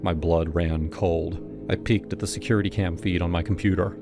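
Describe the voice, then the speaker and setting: A man with a fairly low voice reads a horror story aloud in a steady, scripted first-person narration. Music plays clearly behind him throughout. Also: normal speed.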